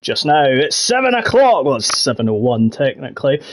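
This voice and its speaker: A man's voice: medium pitch, sing-song, moderate pace, a little hiss or hum. A Scottish man doing jokey, rambling live commentary for an online racing league. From Scotland. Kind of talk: live esports race commentary.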